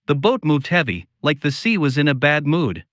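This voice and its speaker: A man narrating a scripted first-person story in a slow, solemn, confiding way. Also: fairly high pitch, big pitch swings, fairly bright tone, no echo, clean studio sound.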